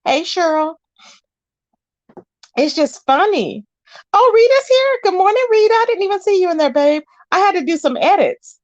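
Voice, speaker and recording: A woman's voice: very high voice, sing-song, moderate pace, a little mellow, no echo, lo-fi sound. A woman hosting a casual livestream, chatting and greeting viewers by name with pet names. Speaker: livestream host. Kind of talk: casual reaction chat.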